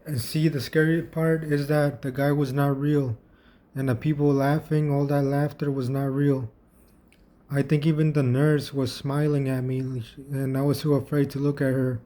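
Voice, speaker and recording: A vlogging man relates a personal anecdote in an easygoing, hesitant manner, frequently starting over and doubling up on words. His delivery is flat, his pitch medium, his sound mellow.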